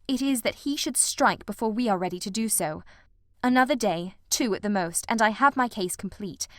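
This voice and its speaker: A woman's voice: medium pitch, normal speed, a bit bright, no room sound, clean studio sound, close to an everyday voice. A woman reading the lines of a commanding male detective in an audiobook, clipped and sure. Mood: measured. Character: sharp brilliant male detective, urgent.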